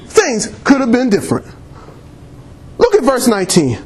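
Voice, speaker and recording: High voiced preacher guy in a church, lively up and down delivery, laughing and asking the crowd for amens. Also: normal speed. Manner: calls for amens, laughs often, reads scripture aloud. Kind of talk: sermon.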